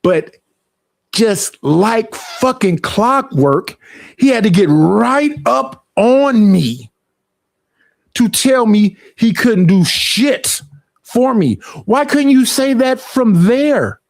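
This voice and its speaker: Young man, high-pitched, dry close sound, profane animated streamer rant. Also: drawn-out words, creaky, no room sound. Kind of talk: casual storytelling rant.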